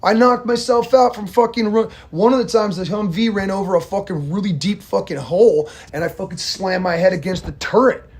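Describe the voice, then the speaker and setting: Husky, foul-mouthed veteran man telling stories. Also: high-pitched. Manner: swears constantly, blunt and rambling. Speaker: army veteran vlogger. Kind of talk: profane storytelling monologue.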